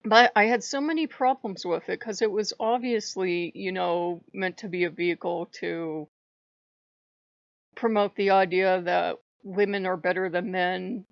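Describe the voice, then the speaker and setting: A woman hosting her own channel, ranting in a heated, profane way with sudden loud outbursts, recorded with dull lo-fi sound. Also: fairly low pitch, fairly even intonation, measured pace, creaky, no room sound. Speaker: channel host. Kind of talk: ranting vlog monologue.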